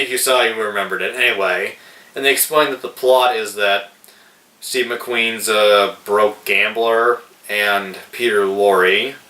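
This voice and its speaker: Slow, bright-voiced man reviewing a film. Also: lowish voice. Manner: slow, hesitant, with many fillers. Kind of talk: casual video review. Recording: roomy echo, distant mic.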